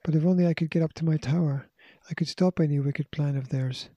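Worried storybook father, earnest and despairing, read by a man in a warm, breathy voice. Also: a little high, steady tone, fairly quick, dry recording, highs cut off. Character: worried scientist father, middle-aged.

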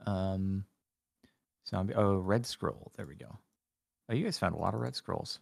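A young man chatting casually while playing a game with friends, easily startled into rapid alarmed exclamations. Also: low-pitched, vocal fry, no room sound. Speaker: gamer. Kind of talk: casual gaming chat.

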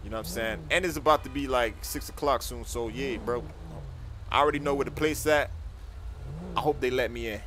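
A young man in excitable, slangy game role-play commentary with loud outbursts. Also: medium pitch, a little fast, music in the background. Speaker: gaming YouTuber.

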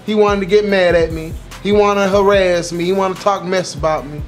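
A young man telling a story about an old job in an animated, profane, exaggerated way for his vlog. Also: high voice, brisk, faint music behind. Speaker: YouTuber.

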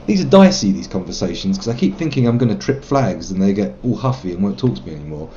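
A man's voice: lowish voice, gravelly, dull audio, background noise. A man streaming a game live, musing and rambling about his choices and reading dialogue options aloud with some self-mockery. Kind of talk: live let's play commentary.

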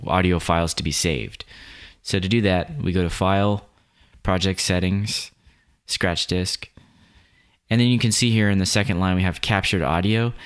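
A man with a deep, low voice walks through a video editing tutorial. He explains each step in a relaxed, plain way, like a screen-recorded lesson. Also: clean tone.

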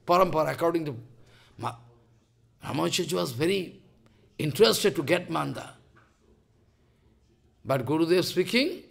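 A man with a Bengali accent giving an impassioned devotional sermon, halting and repeating phrases, acting out quoted dialogue. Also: fairly high pitch, lively intonation, vocal fry, a bit bright. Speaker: spiritual teacher.

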